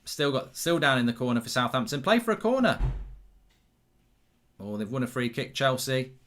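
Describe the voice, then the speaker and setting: A man's voice: mid-range voice, brisk, fairly bright tone. A middle-aged man hosting a live football watchalong, chatting loosely, reacting to the match as it happens and reading out viewer comments.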